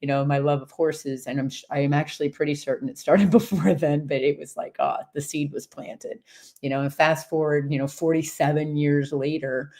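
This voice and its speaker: A woman in her fifties casually telling a personal story, rambling and animated, with lots of fillers and laughter. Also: sits low, moderate pace. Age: 50s. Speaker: horse-based coach and community host.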